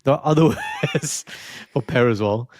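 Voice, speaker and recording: A man's voice: medium pitch, normal speed, a little hiss or hum. A man co-hosting a podcast, chatting casually and playfully teaching words with jokes. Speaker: podcast co-host. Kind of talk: casual chat.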